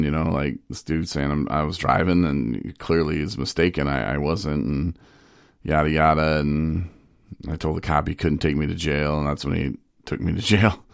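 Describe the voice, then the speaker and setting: A man's voice: extremely low pitch, fairly even intonation, normal speed, vocal fry, no echo, studio quality. A man telling a candid personal story in a loose, rambling way, full of "you know" fillers. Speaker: podcast host in recovery.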